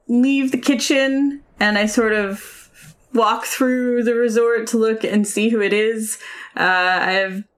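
A woman's voice: a little high, fairly bright tone. Hesitant woman playing a tabletop game. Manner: hesitant, starts with fillers. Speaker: player. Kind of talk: casual tabletop game play.

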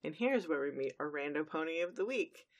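A woman from Dallas, co-hosting a podcast and retelling a cartoon episode in a chatty, animated way. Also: sits low, a little fast. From Dallas, Texas. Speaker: podcast co-host. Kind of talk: casual recap chat.

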